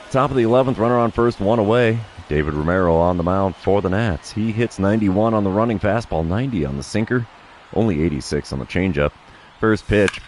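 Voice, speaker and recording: A man streaming a baseball video game, calling each pitch like an announcer with dry self-deprecating asides. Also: darkish tone, slight background noise. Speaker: gaming streamer. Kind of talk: play-by-play commentary of his own video game.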